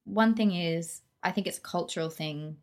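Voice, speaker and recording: An animated, chatty woman talks through a film in a relaxed conversation. Her voice sits a little low for a woman. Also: moderate pace. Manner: animated, chatty, laughs often. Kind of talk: casual film review chat.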